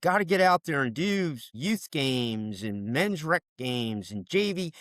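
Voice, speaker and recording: A man's voice: medium pitch, very animated, a little slow, fairly bright tone, dry recording. A middle-aged man from the DC area, a basketball official giving coaching advice in an interview, emphatic and repeating his key points.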